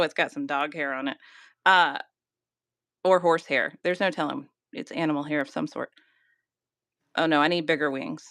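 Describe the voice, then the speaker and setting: Bright-voiced Southern woman chatting. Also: sits low, dry recording, clean studio sound. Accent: Southern US, mild. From Georgia, US. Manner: chatty, self-deprecating, laughs often. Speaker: guest crafter. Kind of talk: casual livestream chat.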